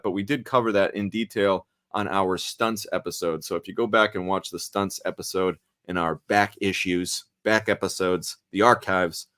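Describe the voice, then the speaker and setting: Swearing, animated male storyteller. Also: lowish voice, dry recording, studio quality. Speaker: podcast host and actor. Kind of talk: casual storytelling chat.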